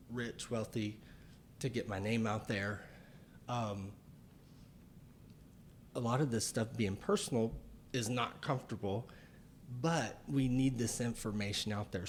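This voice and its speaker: Man explaining slowly, with pauses. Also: medium pitch, darkish tone, a little hiss or hum. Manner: slow, deliberate explaining with pauses and fillers. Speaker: chiropractor and author. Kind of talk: casual podcast conversation.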